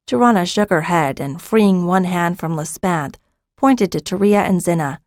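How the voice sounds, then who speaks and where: A woman narrating a fantasy audiobook in a steady, even storytelling voice. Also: on the low side, moderate pace, dry recording, studio quality.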